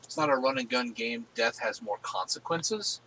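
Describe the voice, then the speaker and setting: A man's voice: mid-range voice, expressive, moderate pace, bright, forceful tone, slight background noise, rough recording. A man hosting a casual gaming stream from home on a headset, rambling easily with lots of fillers. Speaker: streamer host.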